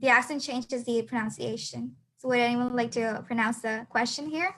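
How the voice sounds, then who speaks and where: A woman's voice: fairly high pitch, steady tone, moderate pace, a bit bright, rough recording. A teenage girl teaching a beginner lesson over a video call, hesitant with many fillers and restarts. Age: teens. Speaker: student teacher. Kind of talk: online class lesson.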